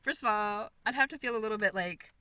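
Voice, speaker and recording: Chatty, bright American woman livestreaming. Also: medium pitch, quick pace, clear, resonant tone, no echo. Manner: chatty, rambling, effusive. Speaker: livestream host. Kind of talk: casual live chat reading comments.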